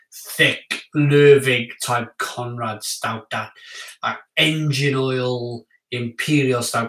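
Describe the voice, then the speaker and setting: A man talks excitedly and casually to his live-stream viewers as he reviews craft beers. His voice is bright and slightly high for a man, and his delivery is slow and unhurried. He sounds distant from the mic, in a room with noticeable echo.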